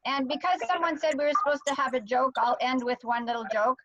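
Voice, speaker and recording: A woman's voice: sits high, fast, fairly bright tone, no echo. A woman organizing a family video call, talking hesitantly with many fillers. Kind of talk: casual family chat. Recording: muffled video call audio.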